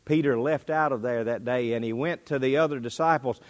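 A man preaching a sermon, swinging between loud bursts and quiet drops. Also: fairly quick. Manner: dynamic delivery, pitch and volume rising and dropping.

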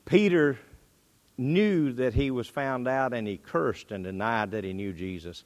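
A man preaching a sermon, swinging between loud bursts and quiet drops. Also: unhurried. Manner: dynamic delivery, pitch and volume rising and dropping.

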